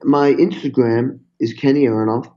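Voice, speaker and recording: An older man, a guest on a podcast interview, telling stories in an animated, swearing way and acting out what people said. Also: medium pitch, moderate pace, highs cut off. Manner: animated, swearing, acts out quotes. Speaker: guest drummer. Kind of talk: storytelling interview.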